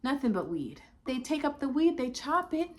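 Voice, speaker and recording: A woman's voice: high voice, big pitch swings, moderate pace, slight background noise. A woman vlogging to camera in casual chat, rambling and chatty with many filler asides.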